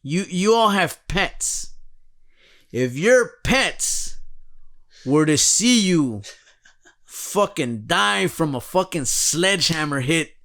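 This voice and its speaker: Rich: A man with a high-pitched voice hosts a casual podcast chat. He rambles through a profane, joking rant and laughs at his own lines. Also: lively intonation, takes it slowly, pauses often, fairly bright tone. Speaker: podcast host.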